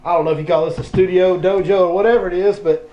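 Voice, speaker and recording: A man hosting a casual fishing podcast, excitable and laughing a lot. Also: high voice, fast, soft background music. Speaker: podcast host. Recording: dull lo-fi podcast audio.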